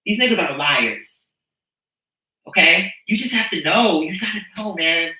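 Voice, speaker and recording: A woman's voice: fairly low pitch, expressive, a little slow, bright, forceful tone, recorded from a distance. A woman giving an impassioned, profane livestream monologue to her followers, ranting and preaching. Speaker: streamer addressing her followers. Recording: echoey room, voice off-mic.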